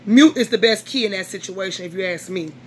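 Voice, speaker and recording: A woman's voice: mid-range voice, fairly quick, slight background noise. Tired, blunt woman vlogger. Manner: blunt, profane, animated recap with quoted voices. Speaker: vlogger recapping a reality show. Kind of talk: casual chat.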